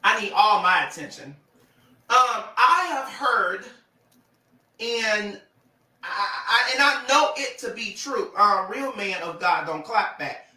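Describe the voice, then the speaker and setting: Bright, animated man talking on a livestream. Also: high-pitched, slow pace, roomy sound, far from the mic, low-quality recording. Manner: animated and sassy, laughing often. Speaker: social media personality on a livestream. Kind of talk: casual livestream talk to followers.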